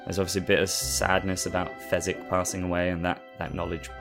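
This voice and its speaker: Deep-voiced man rambling through a story. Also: completely flat delivery, quick pace, over music. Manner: rambling, with many fillers and restarts, and amused. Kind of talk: casual storytelling recap.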